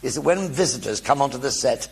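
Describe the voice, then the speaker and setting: An older man telling anecdotes in a one-man stage show before an audience, animated and acting out the voices of everyone in his stories. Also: mid-range voice, quick pace, noisy background. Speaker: stage performer.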